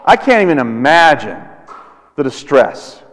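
A man in his thirties preaching a sermon as a pastor, slow and deliberate with dramatic pauses. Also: mid-range voice, sing-song. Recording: long reverb of a large hall.

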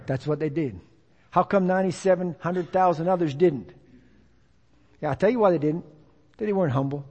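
High-voiced preacher in a reverberant church. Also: male voice, normal speed, darkish tone, dull audio. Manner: emphatic, repetitive call-and-response preaching. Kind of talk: sermon.

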